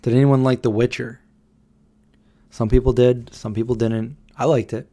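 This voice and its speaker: A man's voice: medium pitch, level tone, moderate pace, dark tone. Guy in his 30s rambling on a late night stream, just chatting with viewers and reading comments. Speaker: livestream host. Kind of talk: casual late-night livestream chat.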